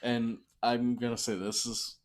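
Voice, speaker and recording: A man's voice: mid-range voice, little pitch movement, a little slow. A man co-hosting a podcast, chiming in with casual, profane reactions about a horror movie. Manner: laid-back interjections, chuckling, swearing. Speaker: podcast co-host.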